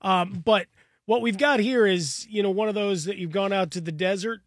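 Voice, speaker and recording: High-voiced man, easygoing co-host. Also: normal speed, no room sound, studio quality. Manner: conversational, builds analogies. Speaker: sports talk co-host. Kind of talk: casual sports radio chat.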